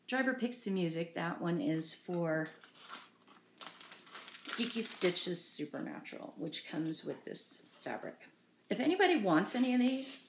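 A woman's voice: medium pitch, noisy background. A middle-aged woman chatting casually as she shows off her craft supplies, self-deprecating and laughing often, recorded at home. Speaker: craft vlogger showing cross-stitch supplies. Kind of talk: casual rambling show-and-tell. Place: home room. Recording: echoey home room.

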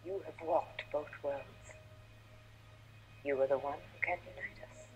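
An actress playing a solemn female warrior leader in a series, calm, grave and commanding. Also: sits low, unhurried, lo-fi sound, slight background noise.

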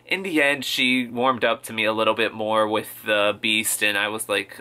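Campy guy gushing about a movie on his vlog, bright edgy voice, swears a lot. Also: fairly low pitch, fairly even intonation, normal speed, few pauses, clean tone. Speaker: video blogger. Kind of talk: casual movie reaction vlog. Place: at home.

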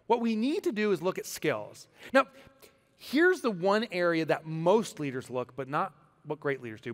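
A man giving a motivational keynote talk in a conversational, animated way, full of rhetorical questions. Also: fairly high pitch, big-room sound. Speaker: keynote speaker.

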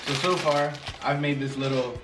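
A man's voice: mid-range voice, fairly even intonation, normal speed, recorded from a distance. A young man hosting a casual vlog chat with friends, talking in laid-back slang. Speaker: vlog host. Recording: roomy, off-mic with music behind.

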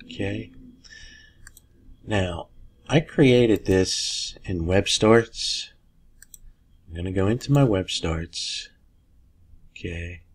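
A man hosting a casual screen-recorded software tutorial, folksy and chatty with lots of "okay"s. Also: low-pitched, extremely slow, pauses often, slightly rough. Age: older. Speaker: tutorial host.

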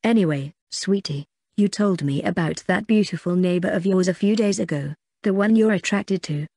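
A woman reading the lines of a caring middle-aged mother who coaxes her son gently. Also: lowish voice, moderate pace, slightly rough, no echo, studio quality. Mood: coaxing. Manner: gentle, coaxing.

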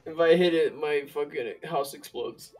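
A man's voice: fairly high pitch, moderate pace. A drunk man bantering with friends over a party game, mock-pleading and trash-talking. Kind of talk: drunk gaming chat.

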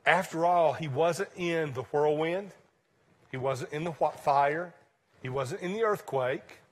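A male pastor preaching a sermon to his congregation in a church, conversational and emphatic, swinging from loud points to quiet asides. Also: fairly high pitch, a little slow.

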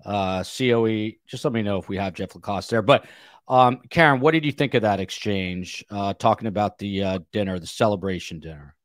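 A man's voice: fairly low pitch, a little fast, dry recording, studio quality. A man with a New Jersey accent hosting a live panel discussion, moderating casually with lots of fillers. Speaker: podcast host.

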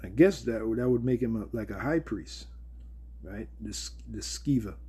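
A man teaches scripture in a loose, conversational way. His voice is husky and dark in tone. He restarts phrases and keeps checking in with his listeners. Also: medium pitch, expressive, normal speed. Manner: conversational, repeats words, asks "all right?". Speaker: Bible teacher. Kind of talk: casual Bible teaching.

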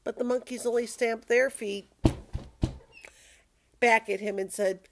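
An older woman reading a children's picture book aloud in a slow, playful, expressive way. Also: on the high side.

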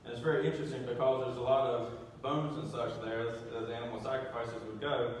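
A pastor preaches a sermon in a church sanctuary, speaking conversationally, asking the congregation questions and restarting phrases with repeated words. His mid-range voice has little pitch movement and a fairly quick pace. The echoey church is captured by a distant mic with a little hiss or hum.

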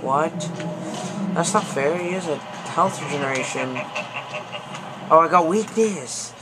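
A young man giving excitable, panicky commentary over a fighting game, pleading and yelling at it. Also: a little high, slow. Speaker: gaming video host. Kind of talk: gameplay commentary. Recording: noisy background.

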